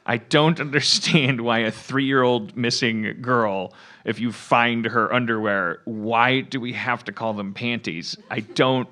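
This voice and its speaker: A man's voice: mid-range voice, fairly even intonation, measured pace, pushed and bright. A man hosting a comedy podcast, ranting in exasperation with stammering restarts. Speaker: podcast host. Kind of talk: casual comedy chat.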